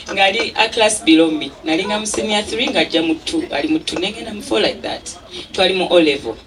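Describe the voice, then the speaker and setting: A woman's voice: medium pitch, animated, fairly quick, fairly bright tone, slight background noise. A woman with a Ugandan accent giving an emotional thank-you speech at an event. She laughs often and mixes English with Luganda. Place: event venue. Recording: distant mic with a crowd behind.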